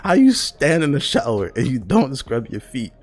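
A grown man ranting loudly and profanely, scolding his audience with emphatic repetition. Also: mid-range voice, big pitch swings, normal speed, faint music behind. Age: adult. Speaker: vlogger. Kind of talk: profane comedic rant.

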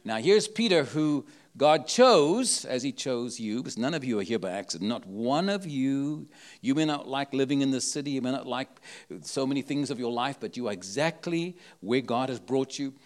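Animated preacher man with an accent. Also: mid-range voice, moderate pace. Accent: non-local accent. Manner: emphatic, full of rhetorical questions. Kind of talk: sermon.

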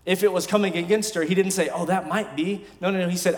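Emphatic pastor in reverberant hall. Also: male voice, sits high, steady tone, fast talker, few pauses. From West Texas. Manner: emphatic preaching that swings between loud declarations and quiet asides. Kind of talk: sermon. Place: large church sanctuary. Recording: long hall reverb from a church sanctuary.

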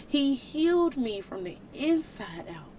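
A woman's voice: high voice, very animated, unhurried, warm tone, a little hiss or hum. A woman hosting a faith podcast, speaking in an earnest, emotional, preaching way, with casual slang. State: tearful at times. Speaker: podcast host.

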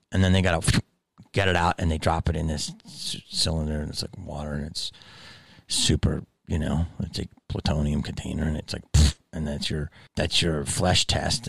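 A deep-voiced man hosts a podcast, delivering a rambling, profane story as a casual monologue. There's no room sound.

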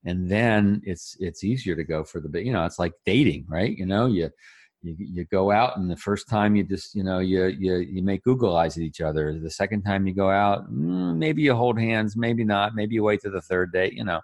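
A man speaking as an interview guest, giving conversational advice through folksy, animated examples. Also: low-pitched, moderate pace, no room sound, studio quality. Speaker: interview guest, referral coach.

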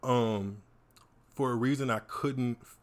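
A young man, telling personal stories as a podcast guest in a casual, animated way. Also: medium pitch, takes it slowly, slight background noise. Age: 20s. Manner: animated, laughing storyteller. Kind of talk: casual chat, storytelling.

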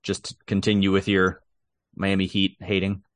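A man's voice: low voice, completely flat delivery, normal speed, no room sound. A man co-hosting a podcast, chatting casually and with opinions about sports, laughing easily. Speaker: podcast co-host.

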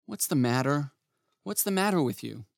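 An actor playing a mild, eager-to-please clerk husband in an audio drama, speaking in a gentle, coaxing way. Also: male voice, a little high, lively intonation, normal speed, gravelly, no room sound. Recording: dry close studio sound.

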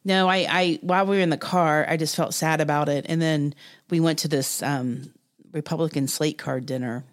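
A middle-aged woman from Southern Ohio with a low voice and only a trace of her home accent. She talks in a candid, reflective way, telling a personal story in a relaxed group conversation. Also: moderate pace. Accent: faint Ohio, mostly lost. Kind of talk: casual group chat.

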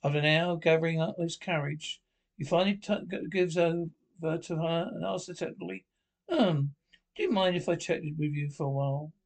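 A man with a gravelly voice reads pub jokes one after another, sitting a little higher than most men. He stumbles and restarts words often as he goes, the delivery plain and unpolished. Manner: halting read with frequent restarts. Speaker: joke teller. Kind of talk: reading jokes aloud.

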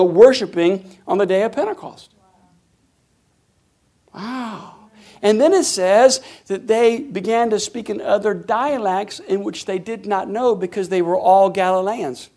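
A man preaching a sermon in a high voice. He shifts between quick talk and loud, drawn-out calls, and asks the congregation to answer him. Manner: preaching with sudden loud bursts; call-and-response with the congregation. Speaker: pastor.

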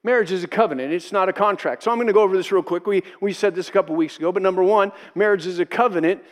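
High-voiced male pastor preaching emphatically. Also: fairly even intonation, rapid-fire. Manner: emphatic, repeats key phrases for effect; acts out quoted voices in his preaching. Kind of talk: sermon.

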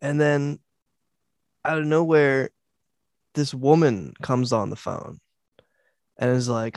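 A man's voice: mid-range voice, slow pace, creaky, pauses often, a little mellow, no room sound, studio quality. A man hosting a podcast, telling a story casually and quoting what people said. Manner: casual, many fillers and restarts, quotes voices. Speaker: podcast host.

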